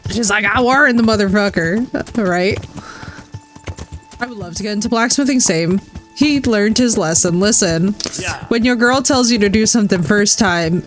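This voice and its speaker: A woman streamer chatting casually with her viewers while playing a game, laughing and swearing as she goes. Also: medium pitch. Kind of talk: casual live-stream chat over gameplay.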